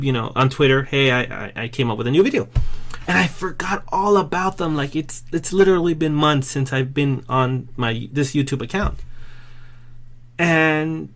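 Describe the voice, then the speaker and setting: Man, vlogger, rambling monologue, self-deprecating, somewhat high-pitched. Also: moderate pace, a bit bright, slight background noise. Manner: rambling, self-deprecating, restarts sentences often. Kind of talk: casual rambling vlog monologue.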